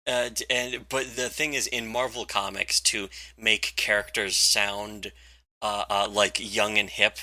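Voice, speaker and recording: Bright, laughing man in casual chat. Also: fairly low pitch, little pitch movement, a little slow, dry recording. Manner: laughing, rambling, swears a lot. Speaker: comics review host.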